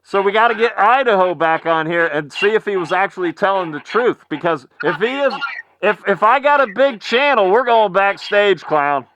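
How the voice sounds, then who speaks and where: A man's voice: high voice, animated, highs cut off, noisy background. A man talking as a guest on a casual livestream. He stumbles and repeats words, and often calls out to the audience like an announcer. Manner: halting, repeats words, announcer-like "ladies and gentlemen".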